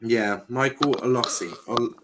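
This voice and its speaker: A man's voice: medium pitch, measured pace, noisy background. A man hosting a casual football panel show, talking with plenty of ums and blunt banter. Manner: hesitant, lots of fillers, blunt banter. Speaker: host.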